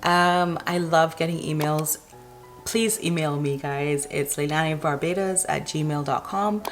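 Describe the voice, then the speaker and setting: A woman's voice: low-pitched, fairly even intonation, unhurried, faint music behind. A woman talking casually to her viewers, giving her opinions in a chatty vlog. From Barbados. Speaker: vlogger.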